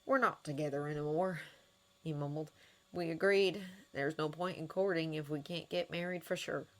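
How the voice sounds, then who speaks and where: A woman voicing a kind, wry adult man who is a doctor and mentor, speaking earnestly and with gentle teasing. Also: low-pitched, fairly even intonation, moderate pace, close to an everyday voice. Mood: tender.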